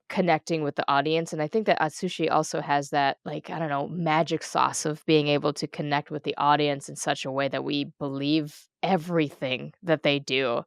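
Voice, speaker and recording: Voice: mid-range voice, vocal fry, clear, resonant tone, no echo, clean studio sound. A podcast co-host in casual chat, animatedly recapping a match, laughing often and swearing casually.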